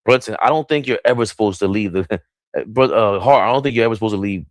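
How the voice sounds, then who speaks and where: A man's voice: fairly low pitch, fast talker, no room sound, studio quality. Hyped man calling a game from home. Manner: hyped, sing-song nicknames, excited outbursts. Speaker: live play-by-play streamer. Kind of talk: casual play-by-play commentary. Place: small room at home.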